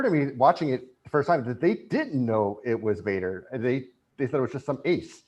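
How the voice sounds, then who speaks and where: Male podcast guest, mid-range voice, animated and emotional, gushing in casual chat. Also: mid-range voice, normal speed, lo-fi sound. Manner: emotional, excited fan, animated retelling.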